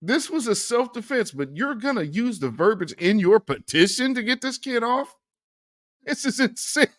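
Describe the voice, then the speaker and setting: Male commentary host, slightly high voice with a lively pitch, incredulous and talkative, dry sound. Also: moderate pace, no room sound. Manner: animated, incredulous, reads quotes then reacts. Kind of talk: casual news commentary.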